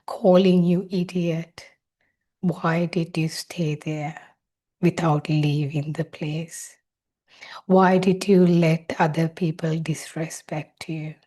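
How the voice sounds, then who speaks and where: A woman's voice: lowish voice, warm tone. A woman speaking as her listener's hurt, neglected inner child, asking one reproachful question after another.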